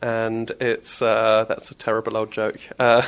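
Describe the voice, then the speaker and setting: A man's voice: fairly low pitch, monotone, measured pace, a bit bright, clear, resonant tone. A man, a children's author, chatting casually and reading aloud from his own book in a playful, jokey way. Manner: playful, laughs at own jokes, retakes lines.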